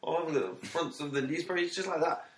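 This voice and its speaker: A man's voice: fairly high pitch, expressive, fast talker. A man, chatting in a rambling, joking way as a podcast co-host. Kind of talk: casual comedic banter. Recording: echoey room with faint noise.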